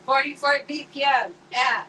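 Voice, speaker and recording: This is a young woman chatting casually on a stream from her home kitchen. Her voice is bright and clear. She rambles from thought to thought and leans heavily on filler words. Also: high voice, moderate pace, a little hiss or hum, low-quality recording. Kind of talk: casual chat.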